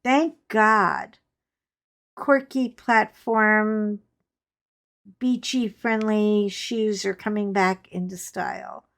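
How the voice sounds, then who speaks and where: A woman chats while she crafts, spinning lively, frank anecdotes for her viewers. She talks slowly and takes her time, at a middle pitch. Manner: chatty, animated storyteller with frank asides. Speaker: crafting channel host. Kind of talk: casual storytelling chat while crafting.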